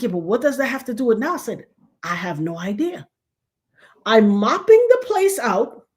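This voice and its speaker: Animated storytelling woman in her fifties. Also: a little high. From New York. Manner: animated, dramatic retelling with loud outbursts. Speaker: show host. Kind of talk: casual storytelling chat.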